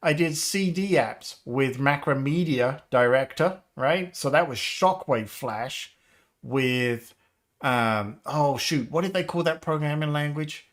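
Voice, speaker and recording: A man in his fifties chatting casually on a live stream, rambling, nostalgic and quick to laugh. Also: on the high side. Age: 50s. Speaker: game developer livestreamer.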